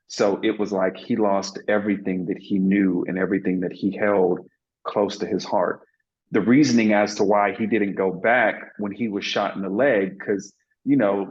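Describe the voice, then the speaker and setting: A man's voice: lowish voice, dull audio. A man being interviewed as an actor, telling a story in an earnest, reflective way with many fillers and restarts.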